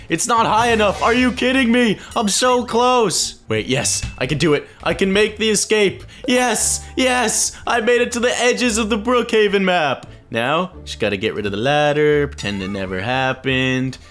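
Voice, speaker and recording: A young man giving playful, excitable gaming commentary, teasing his friend and talking to the viewers. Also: fairly high pitch, measured pace, faint music behind. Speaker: YouTube gamer playing as Melon.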